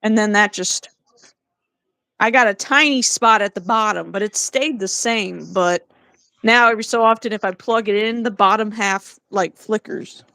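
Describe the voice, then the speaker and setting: A woman chatting casually on a home livestream, teasing her co-host and telling animated stories with frequent laughs. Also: mid-range voice, moderate pace, gravelly, dry recording. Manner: teasing, animated storyteller who laughs often.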